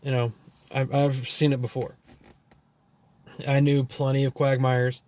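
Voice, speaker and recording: A man's voice: medium pitch, flat delivery, unhurried, a little mellow. A man from Texas with a Texan accent, telling loose, profane stories full of fillers and trailing thoughts. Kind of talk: rambling storytelling monologue.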